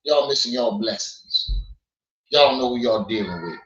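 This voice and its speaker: Boastful streamer impression by a man, low and drawn out, dull muffled sound. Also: normal speed, a bit bright, reverberant, natural voice.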